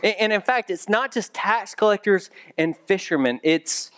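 A man preaching as a pastor, his voice sitting a little high for a man. He talks in a conversational way with dry humorous asides, then builds into emphatic, raised repetitions. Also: normal speed, a bit bright, clean tone. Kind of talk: sermon.

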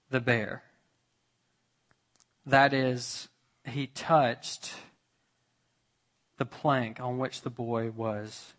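A man delivers a sermon at an unhurried, deliberate pace, leaving long pauses between phrases. His voice sits at an ordinary middle pitch, climbing sharply and growing loud at emphatic moments before falling back to near-whispered quiet. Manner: slow, with long pauses, rising to emphatic peaks. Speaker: pastor.

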